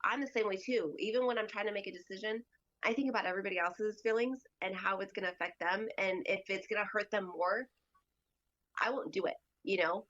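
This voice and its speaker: A woman guest on a podcast tells a story in a loose, chatty way, padded with fillers and acted-out quotes. Her voice sits mid-pitch, and the recording is dull and lo-fi. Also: a little fast, fairly bright tone. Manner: chatty, acts out quoted dialogue with lots of fillers. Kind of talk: casual storytelling.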